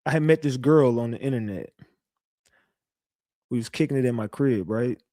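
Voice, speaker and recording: A man with a warm, mid-range voice hosts his own online show, speaking at normal speed. He tells his viewers stories in a rambling, profane, conversational way, and the recording is studio quality with no echo.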